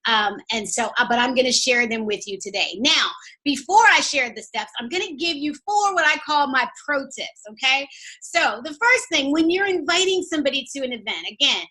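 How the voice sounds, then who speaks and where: A woman with a high, bright voice gives a peppy motivational training talk. She coaches her listeners with cheerleader-like energy and keeps the sound lively and upbeat. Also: moderate pace, low-quality recording. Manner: enthusiastic, coaching. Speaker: network marketing trainer.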